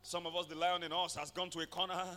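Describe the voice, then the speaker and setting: A man preaching a sermon, swinging from quiet passages to shouted declarations and calling for amens. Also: high voice, level tone, fast talker, big-room sound, noisy background. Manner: calls for amens from the congregation. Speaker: pastor.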